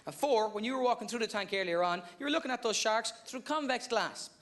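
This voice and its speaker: An Irish man doing live stand-up, telling a story in an animated, punchy way. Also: high-pitched, quick pace. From Ireland. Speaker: stand-up comedian. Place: large theatre with audience. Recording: noisy live theatre recording.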